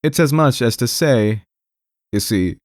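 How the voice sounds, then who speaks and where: A man's voice: mid-range voice, very animated, moderate pace, a little mellow, dry recording, studio quality, pitched above the performer's own voice, close to an everyday voice. A man reading an audiobook, voicing a timid, anxious male clerk who pleads in a trembling voice and keeps repeating the name of the man he addresses. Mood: pleading timidly.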